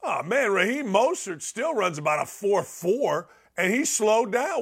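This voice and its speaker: A man hosting a sports podcast, ranting opinions on football with blunt, loud outbursts. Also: high voice, a little slow, husky. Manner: loud, animated, ranting, swings into shouts.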